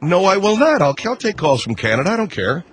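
A man hosting a radio talk show, reading plugs in a brisk, mock-earnest pitchman patter. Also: big pitch swings, fairly bright tone, slight background noise.

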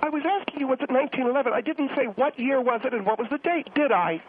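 A man doing a huffy, high-voiced woman caller. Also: fast. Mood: offended. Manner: indignant, huffy and condescending. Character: prickly haughty middle-aged woman guest. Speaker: radio guest on the phone. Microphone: telephone. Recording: tinny phone line, faint hiss.

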